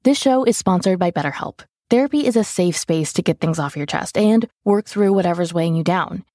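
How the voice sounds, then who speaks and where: A woman's voice: on the low side, animated, fairly quick, warm tone, no room sound, studio quality. A woman co-hosting a podcast, who reads a sponsor spot and teases her co-host in casual chat. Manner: playful, teasing.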